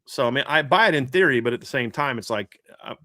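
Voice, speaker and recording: A man's voice: mid-range voice, lively intonation, fast, bright, forceful tone, dry recording, studio quality. A man from the American South chatting casually as a sports podcast co-host, rambling with frequent restarts. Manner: rambling, restarts, laughs often.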